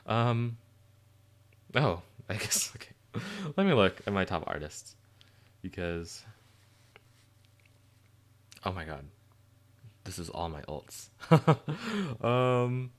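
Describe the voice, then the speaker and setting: A man hosting a livestream, chatting casually and excitedly while answering chat questions, rambling with lots of fillers. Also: low voice.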